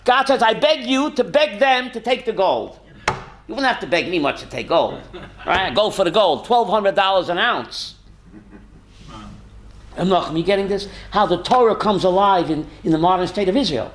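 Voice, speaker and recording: Animated rabbi quizzing his class. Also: high-pitched, normal speed. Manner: animated, rhetorical questions, calls on students by name; chuckles often. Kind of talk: lively Torah class.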